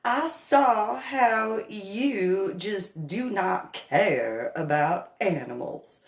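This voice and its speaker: A woman's voice: mid-range voice, animated, drawn-out words, echoey room, voice pushed up. A woman playing her prissy, self-important sister-in-law, drawing out her words. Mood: affected.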